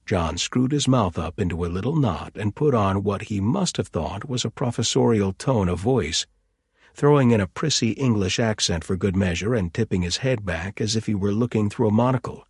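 A male audiobook narrator with a low, husky voice. He reads in a measured, descriptive way. The sound is dry and close. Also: expressive, a little mellow, no room sound.

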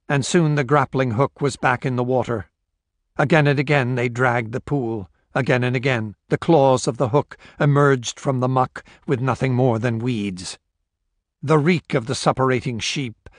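A man tells a novel's story as an audiobook narrator, his delivery steady and measured and his pitch medium. The scripted reading is echo-free with clean studio sound.

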